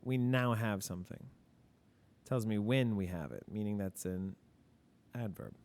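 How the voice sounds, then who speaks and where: A man's voice: fairly low pitch, a little slow, a little mellow. A male teacher talking through grammar examples in a casual lesson, asking and answering his own questions. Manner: casual, admits mistakes openly.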